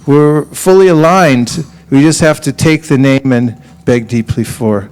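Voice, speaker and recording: A man giving a relaxed sermon at a temple, telling stories with laughs and acting out quotes, sometimes chanting a mantra slowly. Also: mid-range voice. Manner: storytelling with laughs and acted quotes. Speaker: temple teacher.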